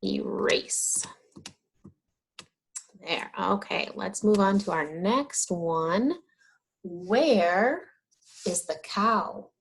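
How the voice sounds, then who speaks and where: A woman teaching young children, asking questions about farm animals and answering them in a drawn-out, encouraging way. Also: medium pitch. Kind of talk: slow, sing-song teaching of young children.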